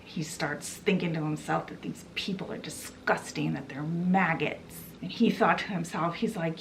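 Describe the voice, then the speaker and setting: A woman hosting a book channel, retelling a novel's plot in a chatty, relaxed way. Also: on the low side, moderate pace, a little hiss or hum. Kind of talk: casual book summary.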